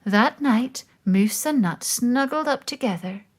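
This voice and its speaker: A woman reading a children's picture book aloud, with slow, expressive storytelling. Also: on the high side.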